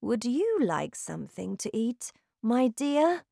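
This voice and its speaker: A woman voicing a kind, protective elderly grandmother, speaking slowly and gently. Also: a little high, big pitch swings, gravelly, dry recording, studio quality, voice pushed up, heavily acted. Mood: gentle.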